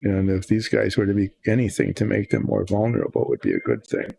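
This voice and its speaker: An older man hosts a miniature painting video, thinking aloud in a meandering, self-deprecating ramble as he paints. His voice is lowish, gravelly and dark, with a sing-song lilt and a quick pace, recorded with no echo.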